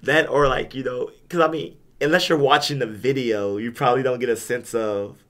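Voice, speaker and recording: Young male co-host, loose rambling delivery with frequent restarts, average pitch. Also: fairly even intonation, brisk, a bit bright. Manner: rambling, stumbles and repeats words. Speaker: podcast co-host back from a gaming convention. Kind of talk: casual chat.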